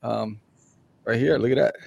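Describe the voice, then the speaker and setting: A man's voice: medium pitch, fairly even intonation, normal speed, gravelly, a little mellow, no echo, muffled recording. Chill guy hosting a chat, slangy, tons of ums, dry sound. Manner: laid-back slang, many fillers. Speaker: podcast co-host, comic artist. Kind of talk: casual chat.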